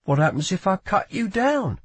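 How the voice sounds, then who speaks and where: A man's voice: high voice, sing-song, moderate pace, breathy edge, no room sound, pitched above the performer's own voice, full character voice. A man doing a curt, fierce young woman. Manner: curt, snapping.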